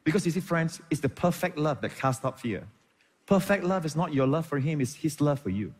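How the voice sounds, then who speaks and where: A man's voice: fairly high pitch, expressive, a little fast. Preaching male pastor in an echoey hall. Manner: preaching with frequent amens, Hebrew terms. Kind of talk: sermon.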